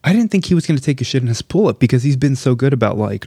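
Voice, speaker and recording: A man in his thirties telling a comic story about his son in a casual, animated way, swearing, laughing often and dropping into whispers. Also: mid-range voice, quick pace, hardly any pauses, slightly rough, no room sound, studio quality. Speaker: storyteller, father.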